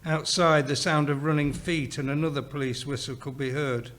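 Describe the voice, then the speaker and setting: Man reading fiction, steady and measured. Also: on the high side. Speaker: author reading his story.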